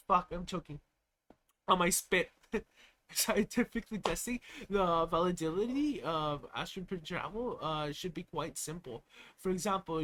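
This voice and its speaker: A man's voice: fairly high pitch, a bit bright, low-quality recording. Young man streaming, laughing asides. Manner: reads an article aloud, breaking off with laughing, swearing asides. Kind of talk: casual live-stream commentary.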